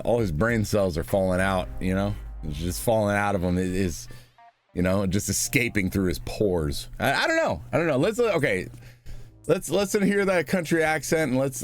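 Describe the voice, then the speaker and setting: A man giving sarcastic, scornful reaction commentary, rambling and restarting as he mocks. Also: mid-range voice.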